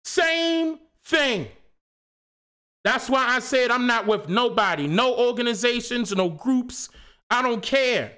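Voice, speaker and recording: A man's voice: very high voice, moderate pace, pushed and bright, smooth. A man hosting his own live stream, speaking in a passionate, preachy rant full of rhetorical questions and casual slang. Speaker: channel host.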